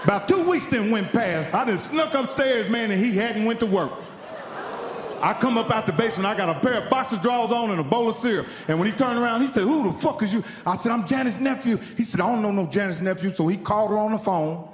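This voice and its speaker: A man from Indiana telling a profane stand-up story on stage, acting out the people in it with animated voices. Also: high-pitched, quick pace. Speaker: stand-up comedian. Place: comedy stage in a large hall. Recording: live hall reverb, faint crowd ambience.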